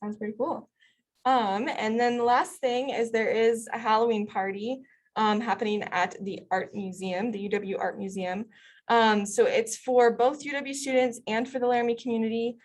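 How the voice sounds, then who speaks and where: A woman's voice: on the high side, fairly even intonation, moderate pace. A woman hosting a student town hall, reading announcements in an upbeat way with many ums. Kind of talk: casual announcements.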